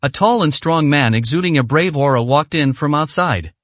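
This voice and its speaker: A man narrating a translated web novel with an even, steady reading manner. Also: fairly high pitch, moderate pace, no room sound. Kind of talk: scripted story narration.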